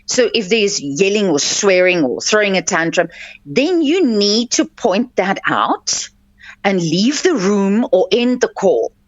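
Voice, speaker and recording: Her mid-range voice swings widely in pitch, the pace is slow, and there's no echo. She's a life coach hosting an advice program on the radio, earnest and instructive but full of fillers and restarts. Recorded in a radio studio, the sound is dry, dull, and lo-fi.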